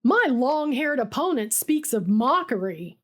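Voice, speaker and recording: A woman voicing a menacing, hyper-articulate male writer who is said to speak in a low mumbling Southern drawl, coolly taunting. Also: very animated, unhurried, full character voice. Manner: cool, taunting and then cutting.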